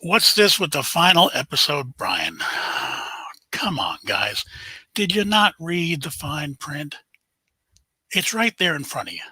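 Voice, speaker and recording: A man's voice: on the high side, very animated, slow pace, pushed and bright, breathy edge, no room sound, low-quality recording. An older man, hosting a casual live stream, chatting and greeting viewers by name.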